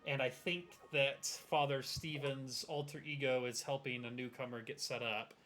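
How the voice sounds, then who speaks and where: A man runs a tabletop horror game for friends over a stream. His voice is bright and forward, and he talks in loose, laughing, profane banter. Faint music plays behind him. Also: mid-range voice, steady tone, moderate pace. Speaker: game master.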